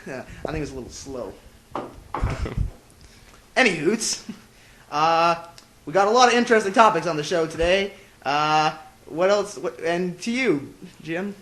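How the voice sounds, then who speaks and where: A high-voiced teenage guy hosts a casual home podcast. He jokes, laughs a lot and stumbles through his words. Faint hiss sits under his voice. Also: lively intonation, a little slow, pauses often, fairly bright tone. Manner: joking, laughs often, trips over his words. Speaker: podcast host. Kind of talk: casual chat.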